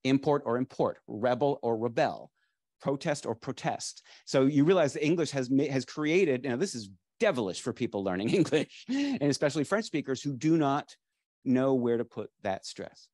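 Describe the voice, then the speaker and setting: A middle-aged man, a dictionary editor, lectures a live audience in a library lecture space with eager, rambling enthusiasm, often circling back to restart sentences and using plenty of fillers. His mid-range voice sits in an ordinary middle register, a little mellow and sing-song, and he talks fairly quickly. The recording is close and dry, with little room echo.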